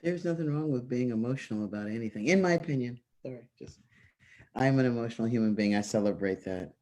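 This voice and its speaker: Mellow moderator on a video call, frank, thinking out loud. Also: male voice, mid-range voice, fast talker. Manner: reflective, earnest, frank. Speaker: panel moderator. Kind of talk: panel discussion.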